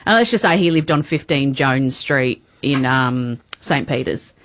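Low-voiced woman co-host. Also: animated, unhurried, fairly bright tone. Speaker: radio co-host. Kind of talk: casual radio chat. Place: radio studio.

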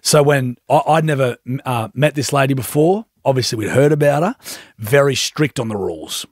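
A man's voice: medium pitch, normal speed, no room sound. Teasing radio man, dry sound. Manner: teasing, laughs often. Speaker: radio co-host. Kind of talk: casual breakfast radio banter.

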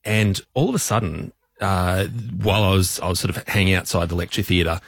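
Husky radio co-host. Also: male voice, sits low, a little fast, dry recording, clean studio sound. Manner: animated storyteller, self-mocking. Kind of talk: casual radio banter. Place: radio studio.

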